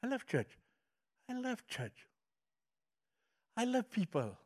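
Animated Malaysian pastor, high voice. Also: male voice, slow. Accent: Malaysian English. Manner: animated storytelling, swings from loud to hushed. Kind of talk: sermon.

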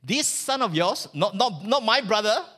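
A man's voice: high voice, animated, a little slow, fairly bright tone, long reverb tail. A man voicing a resentful older son in a sermon retelling, complaining to his father in an exasperated, accusing way. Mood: scornful. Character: indignant, resentful hard-working older son, young man.

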